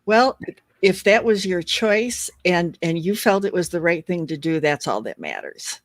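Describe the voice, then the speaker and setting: Talk show host, emotional, expressive, reads comments aloud, dry close sound. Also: mid-range voice, measured pace, dry recording. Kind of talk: livestream talk show chat.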